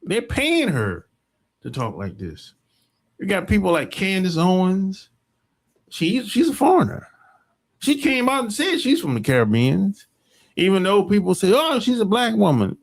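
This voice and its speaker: Gravelly man ranting with a lively pitch. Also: a little slow, long pauses. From United States. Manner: rambling, emphatic, profane ranting. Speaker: podcast host. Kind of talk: casual opinion monologue.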